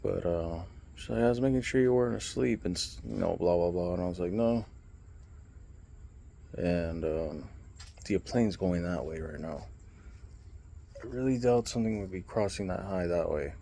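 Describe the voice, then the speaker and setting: Low gravelly young man vlogging late. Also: normal speed. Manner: rambling, relaxed storytelling with many fillers. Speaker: vlogger and streamer. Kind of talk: casual late-night vlog chat.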